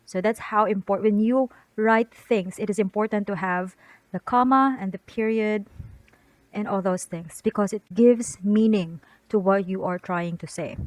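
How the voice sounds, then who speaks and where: A woman gives an online lesson, explaining patiently with frequent restarts and a questioning "right?" to the listener. Her voice sits at a middle pitch, recorded close and dry with no room sound. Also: darkish tone, no room sound, poor audio. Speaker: teacher. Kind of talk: online lecture.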